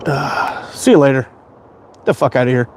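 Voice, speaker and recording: A man's voice: mid-range voice, moderate pace, a little hiss or hum. A middle-aged man from Canada rambling through a casual livestream chat, swearing freely and laughing often. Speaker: slingshot livestream host.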